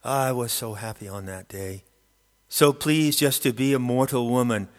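A man voicing a regal, wistful queen of the dead in an audiobook, his tone husky and measured, with a long reverb on the recording. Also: mid-range voice, close to an everyday voice. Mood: pensive. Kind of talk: audiobook character reading.

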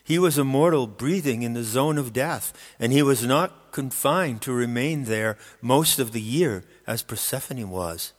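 A man narrating an audiobook in a steady, measured storytelling manner. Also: medium pitch. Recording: long hall reverb.

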